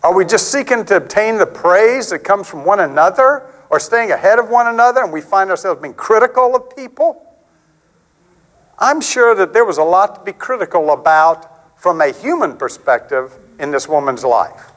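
A middle-aged man preaching a sermon in a conversational, animated way, acting out quotes and stories. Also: moderate pace, low-quality recording. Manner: animated, conversational, acts out quotes with big pitch swings.

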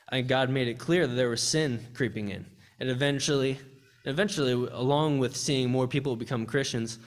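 A young man giving a heartfelt church testimony and sermon, speaking earnestly with frequent restarts. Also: medium pitch. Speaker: campus ministry speaker. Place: church service.

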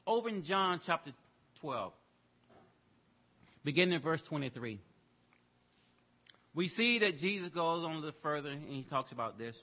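A man preaching a sermon, telling a story and swinging between loud exclamations and hushed asides. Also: on the high side, expressive, normal speed, pauses often, highs cut off. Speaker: pastor.

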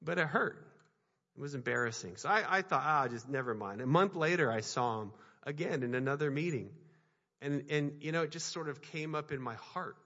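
A man giving a sermon, fairly high in pitch for a man, speaking earnestly and often repeating his phrases as he tells a personal story. His voice carries a long hall reverb, and the sound is slightly dull. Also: fairly quick, a bit bright. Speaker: minister.

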